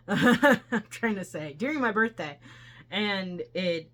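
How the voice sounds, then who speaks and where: A woman's voice: mid-range voice, expressive, slow, fairly bright tone. A woman co-hosting a casual movie review chat from her couch at home, chatty and laughing often. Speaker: co-host of a movie review show. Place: living room couch at home.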